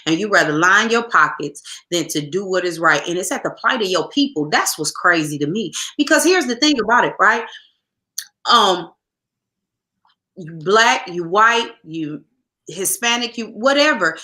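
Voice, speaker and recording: A woman podcast co-host with a mid-range voice and lively intonation speaks at normal speed in a bright, forceful tone. In casual opinion talk, she reads listener comments and tells stories emphatically, often repeating herself and restarting sentences.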